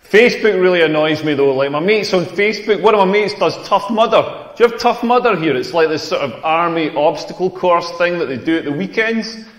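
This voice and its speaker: A Scottish man in his forties from rural Scotland performs a crude, mocking stand-up set on a club stage, his voice sitting high, expressive and fairly quick. His delivery is brash and crude. The room is roomy, with long reverb.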